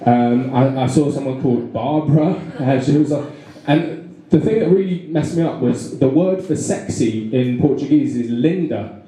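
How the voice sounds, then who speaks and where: A young English man doing live stand-up comedy in a pub venue, with a halting, rambling delivery full of fillers and restarts. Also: mid-range voice, dark tone. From England. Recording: very echoey live room.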